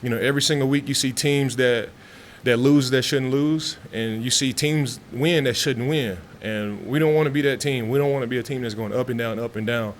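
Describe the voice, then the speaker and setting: A man's voice: medium pitch, fairly quick, few pauses. A man, answering press questions after practice. He talks loosely and chattily, piling on fillers and restarting his sentences, in an ordinary mid-range voice. A faint hum sits behind him. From Texas. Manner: relaxed, talkative, frequent fillers and restarts. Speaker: football player at press conference. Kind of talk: casual press interview. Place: media room after practice.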